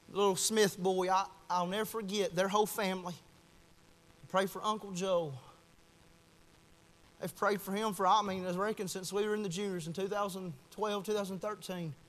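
Young preacher, bright and ringing, impassioned delivery with a long church echo. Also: male voice, sits high. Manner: impassioned, swings from shouting to hushed. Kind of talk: fiery sermon. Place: church at a Wednesday night service.

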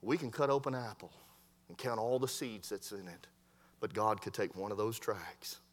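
A man's voice: fairly low pitch, normal speed. A man preaches in a Baptist church. He tells his stories animatedly and acts out the voices of the people in them. His voice carries a long reverb through the sanctuary. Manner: storytelling preacher, animated voices in quoted dialogue. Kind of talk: sermon. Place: church hall.

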